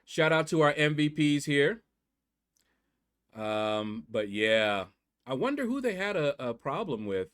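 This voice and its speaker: Slow-talking male game commentator. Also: mid-range voice. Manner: chatty, excitable, talks to viewers directly. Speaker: gaming channel host.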